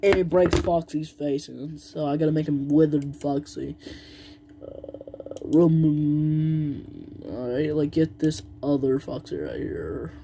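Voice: mid-range voice, slow pace, gravelly, background noise. A young narrator telling a toy play story, rambling and stalling with fillers and humming, indoors at home.

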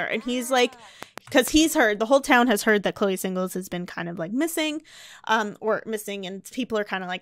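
A woman's voice: on the high side, fairly quick. A young woman casually narrating a life-sim game story, chatty and rambling with lots of fillers. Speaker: let's play narrator.

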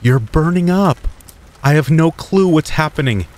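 A man's voice: on the high side, animated, unhurried, a little mellow, voice pushed up. A man voicing a worried, caring mother who fusses over her sick child in a horror story.

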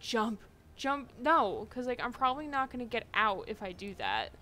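A woman's voice: fairly high pitch, big pitch swings, normal speed, bright, forceful tone. A woman streaming a game live, chatting casually, exasperated, and swearing freely.

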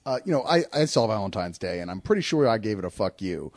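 A man reviewing a film with friends, his pitch swinging lively up and down as he talks. He laughs often and swears casually. The sound is close and dry, with little room in it. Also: quick pace, dry recording. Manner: animated, laughing, swearing freely. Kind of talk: casual roundtable movie review.

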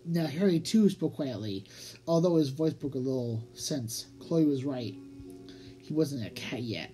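A woman's voice: a bass voice, lively intonation, a little slow, low-quality recording. A woman narrating a children's audiobook expressively, drawing out key words for emphasis. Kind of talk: storybook read-aloud narration. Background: music.

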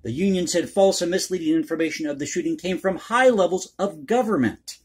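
A political commentary YouTuber hosts a one-take vlog, rambling in a folksy, conspiratorial, opinionated way and addressing viewers as folks. His voice is high, a little fast and slightly rough.

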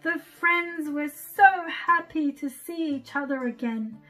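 A young woman with a Turkish accent reading a children's story aloud in an expressive, gentle way. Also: high voice, faint music behind. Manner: expressive, sing-song, slow and gentle.

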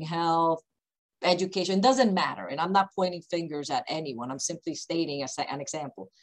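A woman who founded a company, speaking on a video call panel with emphatic, deliberately slow, repetitive points. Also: lowish voice, rough recording. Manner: emphatic, repeats key points, speaks slowly on purpose.

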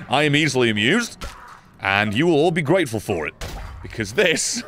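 A man giving excitable, profane, laugh-filled commentary while playing a video game. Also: medium pitch, normal speed, noisy background. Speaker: gaming YouTuber. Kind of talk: let's play commentary.

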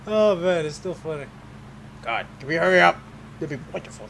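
Laughing man yelling at a game. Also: a little high, brisk, creaky, pauses often, slight background noise. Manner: laughs a lot, yells at the game. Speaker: let's play gamer. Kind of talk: casual gameplay commentary.

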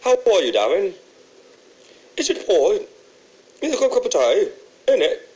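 A man voicing a stately elderly queen, with a halting, rambling, mock-regal delivery in a comedic impression. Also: high voice, big pitch swings, darkish tone, pitched above the performer's own voice, poor audio.

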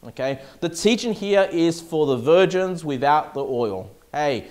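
High-voiced pastor preaching. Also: male voice, lively intonation, a little slow, few pauses, darkish tone. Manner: emphatic, checks in with "okay?" and "all right?". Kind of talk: sermon.

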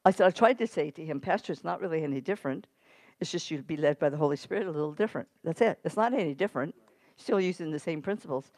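A woman's voice: low-pitched, fast, darkish tone, dry recording. A middle-aged woman preaching in a church, telling a story in a conversational way and then urging her listeners on with emphasis. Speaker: guest preacher. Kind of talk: sermon with storytelling. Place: church sanctuary.

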